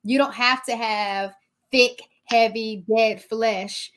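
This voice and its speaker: A woman's voice: on the high side, steady tone, takes it slowly, fairly bright tone. A woman hosting a podcast, reflecting emphatically and asking rhetorical questions. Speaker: podcast host. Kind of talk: casual podcast chat.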